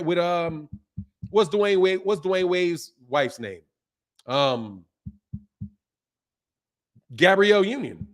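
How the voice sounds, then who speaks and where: A man with a high-pitched voice, talking casually on a boxing channel stream. He rambles through anecdotes in a loose, slangy way, peppering his talk with "bro" and "man". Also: fairly bright tone. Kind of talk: casual live-stream chat.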